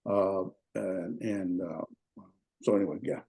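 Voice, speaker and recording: A man's voice: deep voice, unhurried, vocal fry, mellow. A man with a Southern US accent teaching a beginner Greek class in a folksy, repetitive way with many fillers. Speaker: Greek instructor. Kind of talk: informal classroom lecture.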